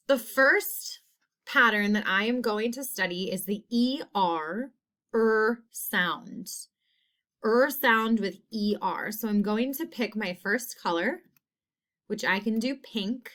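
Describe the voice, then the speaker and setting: A woman teacher talks very slowly and carefully through a spelling lesson. She sounds out letters and repeats each word in a simple example sentence. Her voice sits at an ordinary middle pitch. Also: fairly bright tone. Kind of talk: slow, deliberate phonics lesson.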